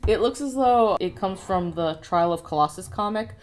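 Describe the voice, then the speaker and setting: A young adult woman co-hosting a toy review show, joking and chatting in a lively, casual way. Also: medium pitch, fairly quick, few pauses, slight background noise. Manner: playful, joking and animated.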